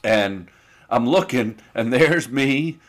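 A man chatting casually with friends, relaxed and talkative. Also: mid-range voice, takes it slowly. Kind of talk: casual chat among friends.

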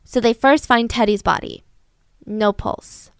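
A woman's voice: a little high, steady tone, measured pace, clear, resonant tone, dry recording. Chatty young woman telling a crime story. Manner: chatty, lots of "like" fillers. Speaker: podcast host. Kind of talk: casual true-crime storytelling.

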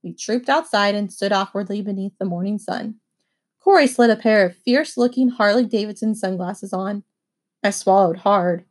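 A woman reading a children's novel aloud with expressive first-person narration. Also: medium pitch. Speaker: audiobook reader.

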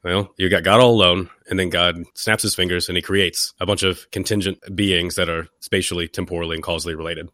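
A man's voice: low-pitched, little pitch movement, brisk, few pauses, bright, forceful tone, no room sound, studio quality. A man hosting a podcast while he has a cold, talking in a jokey way and slipping into playful impressions. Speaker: podcast host. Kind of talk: casual discussion.

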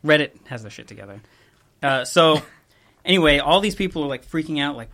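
A young man hosting a podcast, telling a story in casual chat with a laid-back, rambling manner and quick chuckles. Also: on the high side, a bit bright. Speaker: podcast host.

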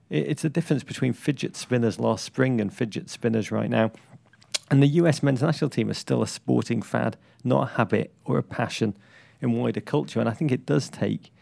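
A man co-hosting a casual sports chat, with a wry, deadpan delivery. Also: mid-range voice, creaky, no room sound. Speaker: podcast co-host.

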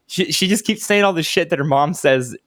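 A man's voice: on the high side, fairly bright tone, no echo, clean studio sound. A man in casual chat as a podcast co-host, swearing often and laughing at stories. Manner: profane, laughing, quick to react.

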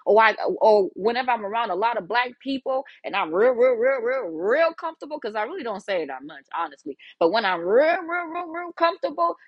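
A woman podcaster from Africa tells a story in a casual, blunt and profane way. Her pitch swings up and down a great deal as she talks. The sound is dry and close to the mic, with no room echo. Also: fairly bright tone. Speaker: podcast host.

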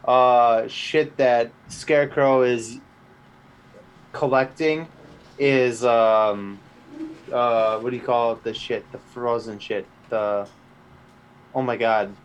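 A young man with a mid-range voice talks slowly and deliberately. He is blunt and slangy and swears freely. His takes on a show episode come out in unhurried podcast chat. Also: medium pitch, steady tone, smooth, rough recording. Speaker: podcast co-host. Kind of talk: casual chat reviewing a TV episode.

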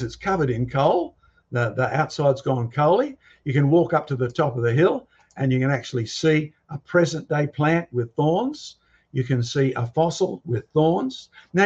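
A man lectures from the front with a husky, slightly rough voice, firing rhetorical questions and challenges at his listeners. His delivery is emphatic and insistent. The recording sounds dull and lo-fi, with the top end rolled off. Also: mid-range voice, a little mellow. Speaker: guest speaker on creation and fossils. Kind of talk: lecture with slides and audience questions.

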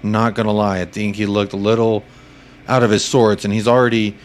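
Lower-voiced man chatting football. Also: flat delivery, brisk. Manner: thinks aloud, jokey asides. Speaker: podcast co-host. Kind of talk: casual sports chat.

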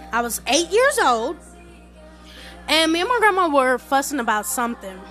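A young woman with a high voice talks through family stories in a lively, chatty way. Soft music plays faintly underneath. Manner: animated, chatty, conversational. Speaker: podcast host. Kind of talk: casual storytelling monologue.

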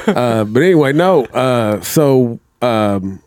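A man's voice: medium pitch, lively intonation, takes it slowly, darkish tone, smooth. A man telling a long, rambling story as a podcast guest, swearing a lot and acting out what people said. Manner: rambling, heavy swearing, acts out quotes. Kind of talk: casual storytelling.

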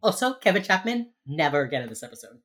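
Woman, low voice, podcast co-host; animated, swears casually, acts out scenes while recapping. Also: quick pace. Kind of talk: casual chat recapping a TV episode.

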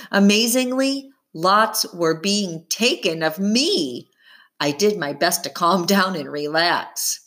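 A woman reading a first-person audiobook aloud, with expressive narration that follows the story's tension. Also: lowish voice.

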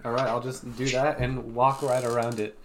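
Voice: mid-range voice, flat delivery, normal speed. A player in a tabletop game, planning moves and reading spell rules aloud in casual talk.

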